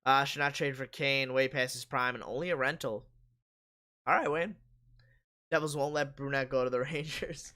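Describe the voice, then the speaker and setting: A man hosting a live sports stream, casually reading viewer comments aloud and answering them while his voice is going hoarse. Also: medium pitch, fairly even intonation, normal speed, sharp tone.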